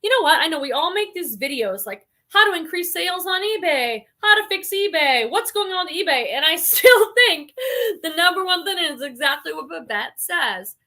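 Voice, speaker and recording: Chatty bright-voiced woman host. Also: extremely high pitch, sing-song, normal speed. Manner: chatty, reads viewer comments aloud; frequent "like" and "um" fillers. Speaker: reseller livestream host. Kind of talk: casual livestream chat.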